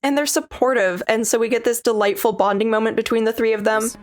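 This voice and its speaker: A woman's voice: fairly high pitch, fairly even intonation, quick pace. Woman giving a wry episode recap. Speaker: video reviewer. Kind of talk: scripted episode recap narration.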